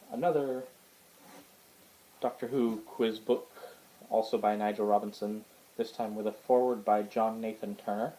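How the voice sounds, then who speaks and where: A man with a fairly low voice talks through his new books in a loose, rambling show-and-tell. He hesitates often, restarts his sentences and fills the gaps with ums. A faint hum of the room sits behind him. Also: dark tone, poor audio. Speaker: book collector showing his collection. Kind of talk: casual show-and-tell vlog. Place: indoors at home.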